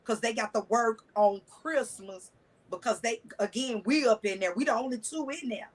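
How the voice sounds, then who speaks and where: A woman's voice: on the high side, moderate pace, rough recording. A woman guest telling a personal story in a candid, blunt, colloquial way, with cussing and restarts.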